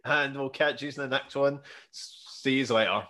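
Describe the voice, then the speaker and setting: A man's voice: mid-range voice, normal speed. A man co-hosting a podcast in casual chat, joking and swearing as he teases his co-host. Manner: joking, swearing, animated teasing.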